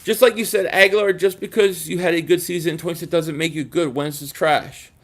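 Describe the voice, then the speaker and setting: A man's voice: on the high side, steady tone, fairly quick. A man from the area hosting a fan livestream, ranting in a frustrated, rambling way and reading viewer comments. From Philadelphia area. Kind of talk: casual livestream rant reading chat.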